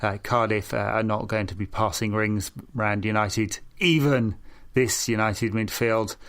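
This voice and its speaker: A man's voice: on the low side, fairly even intonation, unhurried, fairly bright tone, clear, resonant tone. A man co-hosting a podcast in casual football chat, with dry, teasing humor. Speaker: podcast co-host.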